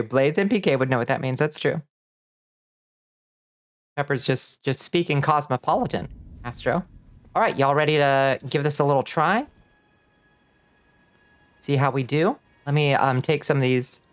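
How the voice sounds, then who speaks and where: A woman's voice: a bass voice, unhurried, pauses often, soft background music. A woman streaming a video game, chatting casually with her viewers, laughing often and thanking them as she plays.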